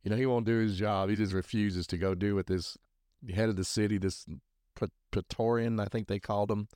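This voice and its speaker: Guy rambling about a show, lots of um and you know, lowish voice, dry sound. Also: fairly even intonation, fairly quick, a little mellow, no echo. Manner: rambling, many fillers and restarts; earnest, personal faith talk. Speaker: podcast host. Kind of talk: casual show review.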